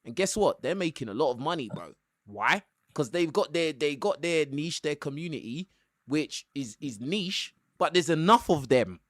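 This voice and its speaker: Animated man hosting a call-in show. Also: on the high side, normal speed, dry recording, clean studio sound. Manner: animated, emphatic, tags lines with "bro". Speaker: YouTube caller-show host. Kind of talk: casual live call-in chat.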